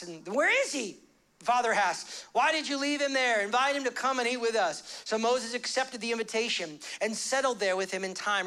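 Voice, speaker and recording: A male pastor giving a conversational sermon, acting out quick little voices and shifting his pace and pitch a lot. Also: pushed and bright.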